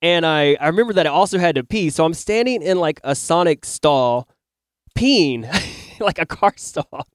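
A man hosting a podcast in casual chat, animated as he acts out his own lines and swears freely. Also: fairly high pitch, normal speed, no echo, studio quality. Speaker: podcast host. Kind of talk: casual chat, telling a dream.

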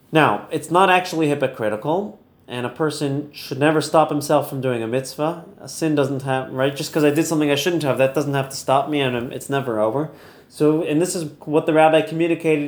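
A man tells stories and explains ideas in an easy, chatty way, laughing now and then. His voice sits a bit high for a man. The room around him rings with echo. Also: a little fast. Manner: storytelling, chatty, laughs easily. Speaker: Torah teacher. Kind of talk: casual online Torah lesson.

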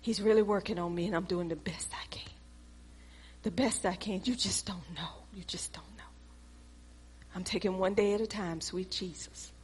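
A contrite churchgoer pleading in a breathy near-whisper, as a woman puts her on. The soft voice hangs in a long church hall reverb. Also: mid-range voice, steady tone, quick pace, few pauses, pitched below the performer's own voice, close to an everyday voice.

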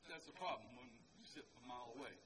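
A pastor delivers an outdoor sermon to a picnic crowd in a park, keeping it loose and conversational with joking asides to his listeners. His medium-pitched voice is animated and quick. The mic is distant and picks up crowd noise.

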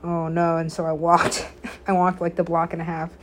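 Rambling woman host, slightly low voice. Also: flat delivery, normal speed, noisy background. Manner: rambling, heavy on filler words and swearing; laughs often while telling. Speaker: podcast host. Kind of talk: casual storytelling monologue.

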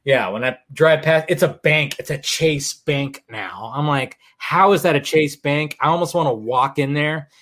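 A man hosting a casual stream chat, telling animated stories and leaping up in pitch when acting out quotes. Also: moderate pace, few pauses. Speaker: stream host.

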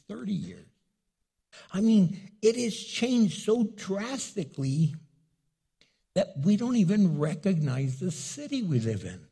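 Husky-voiced pastor, high and lively. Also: male voice. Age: middle-aged. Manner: animated, acts out dialogue with the congregation. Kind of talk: sermon.

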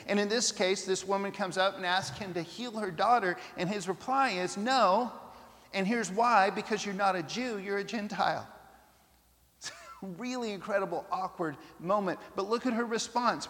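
A male preacher delivers a sermon with an animated, storytelling manner, slipping into the voices of the people he quotes. His voice sits high for a man. The sound carries a long reverb, as if from a large hall.

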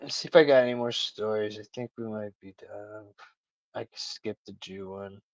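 A man's voice: fairly low pitch, normal speed, no echo. A man hosting a live call-in show, chatting casually with a sarcastic, slangy manner. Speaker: host. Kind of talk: casual podcast chat. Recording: dull lo-fi sound.

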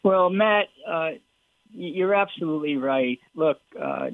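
A man's voice: medium pitch, lively intonation, a little slow, dry recording. A man speaking as a sports psychologist guest on a radio show, earnest and emphatic, asking rhetorical questions. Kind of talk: phone-in radio interview. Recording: tinny phone line.

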